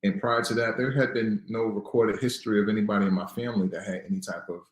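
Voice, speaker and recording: A man's voice: lowish voice, fairly even intonation, fast. Earnest man in his thirties, echoey room. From Newark, New Jersey. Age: 30s. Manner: earnest storyteller, grows heated and defiant. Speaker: guest. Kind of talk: personal story in an interview.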